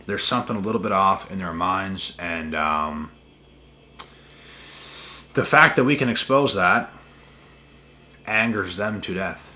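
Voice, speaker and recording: A man's voice: low-pitched, measured pace, long pauses, bright, forceful tone. A man hosting a spiritual channel, ranting to camera in an emphatic, repetitive way with a lot of swearing. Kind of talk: casual rant to camera.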